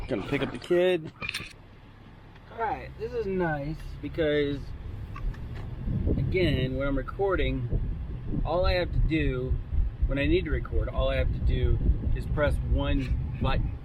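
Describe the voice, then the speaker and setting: A man chats casually and easily as he vlogs, talking at an ordinary middle pitch. The sound comes from an action camera's own mic. Clear road and outdoor noise runs behind him. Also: unhurried, pauses often, highs cut off. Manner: chatty and relaxed, laughs easily. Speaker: vlogger reviewing a camera. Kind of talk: casual vlog chat. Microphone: built-in action camera mic.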